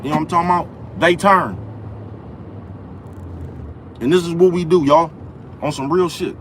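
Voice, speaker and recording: A man's voice: on the high side, normal speed, slight background noise. Profane man ranting on a livestream. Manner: profane, repetitive, keeps asking "you know what I'm talking about". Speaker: livestream host. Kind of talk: ranting live-stream monologue. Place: outdoors in the cold, near traffic.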